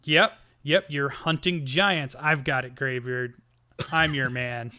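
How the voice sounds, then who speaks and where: A man voicing a drunk, loud male gnome who fawns over a fighter. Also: mid-range voice, takes it slowly, no room sound, clean studio sound. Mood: eager. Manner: loud, fawning, excited.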